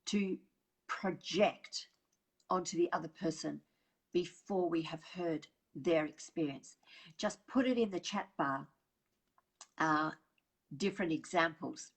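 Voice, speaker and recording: A woman presenting a live online workshop over a video call, chatting warmly with viewers, reading out their comments and laughing often. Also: fairly low pitch, slightly rough, low-quality recording.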